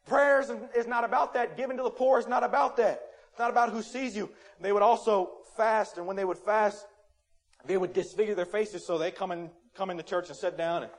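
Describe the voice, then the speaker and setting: A man preaching a sermon in a church, animated and playful, acting out quotes and rising to loud emphasis. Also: high voice, fairly quick. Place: church sanctuary.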